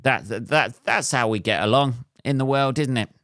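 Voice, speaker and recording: A man's voice: medium pitch, moderate pace, fairly bright tone, no room sound, studio quality. An English man hosting his own podcast, rambling through a solo monologue with wry, self-mocking asides and lots of ums. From England. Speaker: podcast host.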